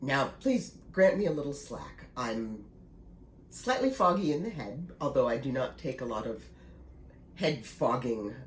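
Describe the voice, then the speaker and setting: A woman's voice: rumbling low, very animated, unhurried. A woman in her sixties, slightly congested, chatting casually and laughing easily in a knitting vlog. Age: 60s. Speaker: knitting vlogger. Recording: echoey room with faint noise.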